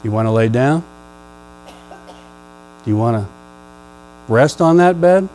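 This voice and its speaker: A male pastor preaching a sermon in a church, conversational and playful with the congregation, rising to loud emphatic questions. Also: medium pitch, expressive, slow, slight background noise, poor audio. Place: church sanctuary.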